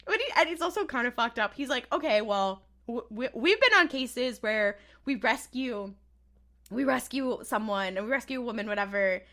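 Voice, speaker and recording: Woman podcast co-host, fairly high and bright, animated delivery, recaps scenes and mimics characters mockingly. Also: normal speed. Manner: animated, laughs often, acts out lines in flat mock voices. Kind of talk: casual chat recapping a TV episode.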